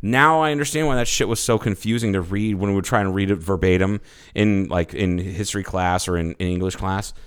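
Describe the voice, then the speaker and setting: Man, podcast co-host, casual chat, low resonant voice, profane, rambling. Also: brisk, smooth. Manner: animated, profane, rambling enthusiasm.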